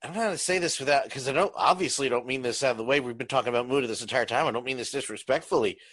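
A man co-hosting a wrestling podcast, talking as an eager fan in quick bursts. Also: medium pitch, a bit bright, dry recording, soft background music. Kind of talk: casual chat.

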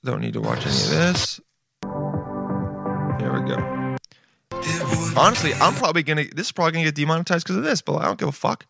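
Laid-back dude with music behind. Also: male voice, fairly high pitch, big pitch swings, fast talker, vocal fry, long pauses. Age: late 20s. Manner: laid-back, swears often, says "dude" constantly. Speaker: video reactor. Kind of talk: casual reaction commentary.

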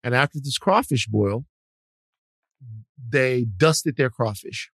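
A man from Louisiana co-hosting a podcast, talking in an animated, joking way full of restarts. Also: medium pitch, slow, no echo. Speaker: podcast co-host. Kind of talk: casual chat.

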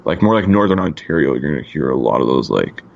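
Man, very deep, gravelly, laid-back, swears a lot, from Canada, dull lo-fi sound. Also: big pitch swings, quick pace. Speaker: podcast co-host. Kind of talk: casual podcast chat.

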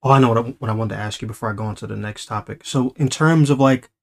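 A man's voice: on the low side, fast talker, creaky. Laid-back young male podcast host. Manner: laid-back, swearing, encouraging. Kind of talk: casual podcast interview.

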